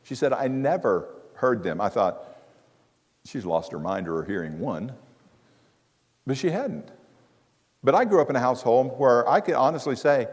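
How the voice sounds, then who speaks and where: A middle-aged man preaching a sermon on marriage to a church congregation, telling stories with humor. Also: a little high. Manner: conversational storytelling with humor. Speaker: guest preacher. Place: church sanctuary. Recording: long hall reverb.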